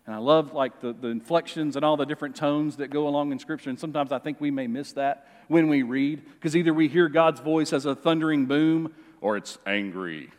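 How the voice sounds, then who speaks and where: A middle-aged male pastor preaching a sermon in a church, expressive and joking with the congregation. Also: on the high side, a little fast, hardly any pauses. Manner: lively, expressive, jokes with the congregation. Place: church sanctuary. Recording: long reverb of a church hall.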